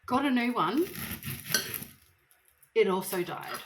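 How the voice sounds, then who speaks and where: A vlogger with a slightly high, animated voice talks casually to camera at a slow pace while cooking in her home kitchen. Teary from chopping onions, she groans about her stinging eyes and makes jokes at her own expense, amid echo, background noise, and clattering pots and dishes.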